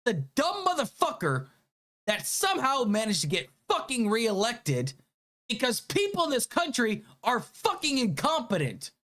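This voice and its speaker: Furious profane woman ranting, lively pitch. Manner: heated, profane, rapid outbursts; emphatic, repeats words when worked up. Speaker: vlogger. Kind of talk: angry late-night rant.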